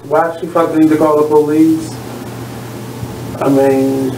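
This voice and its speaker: A man co-hosting a talk radio show, blunt and skeptical as he argues his side in casual banter. His voice sits a bit high and lands from back off the mic. The studio sounds roomy and carries a steady noise. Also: a little slow, distant mic.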